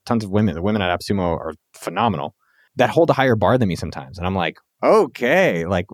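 A man's voice: on the low side, no echo, studio quality. A man hosting a podcast, talking in an upbeat, slangy, casual way with his guest. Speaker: podcast host.

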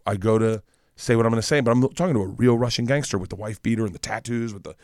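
A young American man, a comedian guest telling a wild story on a podcast, swearing freely and acting out quotes loudly. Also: on the low side, very fast, no room sound, studio quality. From United States. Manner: animated storyteller, swears freely, bursts into loud acted quotes. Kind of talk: casual podcast chat, storytelling.

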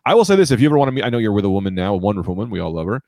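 A man's voice: fairly low pitch, big pitch swings, very fast, a little mellow, no room sound. A man co-hosting a podcast, riffing comedic bits in casual chat and slipping into put-on voices. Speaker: podcast co-host.

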